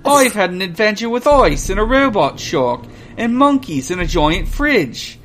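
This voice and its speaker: A man's voice: high voice, big pitch swings, a little slow, fairly bright tone, faint music behind, pitched above the performer's own voice, heavily acted. A man voicing a young male fox sidekick who complains eagerly. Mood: complaining.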